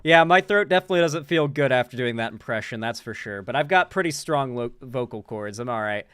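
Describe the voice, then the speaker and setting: A man's voice: medium pitch, lively intonation, brisk, fairly bright tone, clean tone, dry recording. A man hosting casual political commentary, sarcastic and rambling with lots of filler words. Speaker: host. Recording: dry close-miked room.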